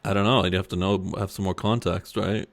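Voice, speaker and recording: A man's voice: low-pitched, flat delivery, a little fast, vocal fry, no room sound. A man co-hosting a podcast in casual chat, laughing often and restarting his sentences. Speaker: podcast co-host.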